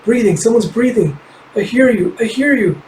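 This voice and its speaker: A man voicing a frightened but brave young fox girl, speaking in a high, breathless, pleading way as he reads a comic aloud. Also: expressive, normal speed, a little mellow, far from the mic, slight background noise, low-quality recording. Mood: desperate.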